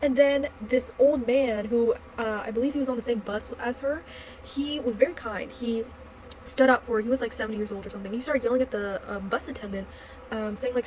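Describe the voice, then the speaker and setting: A woman's voice: a little high, a little fast, darkish tone, slight background noise, low-quality recording. Rambling young woman telling a story. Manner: rambling, constant fillers, blunt swearing. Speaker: vlogger. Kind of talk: casual storytelling vlog.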